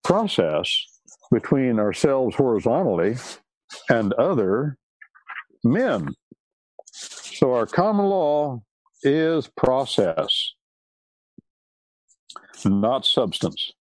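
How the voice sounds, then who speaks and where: A man's voice: mid-range voice, very animated, very slow, long pauses, a little hiss or hum. A man preaching a sermon on scripture and law, stressing and repeating key words.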